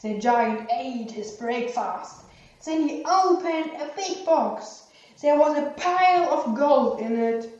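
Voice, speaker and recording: A woman reading a children's story aloud slowly and deliberately. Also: high-pitched, animated, darkish tone, recorded from a distance. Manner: slow, clear, deliberate. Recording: echoey, dull lo-fi room recording.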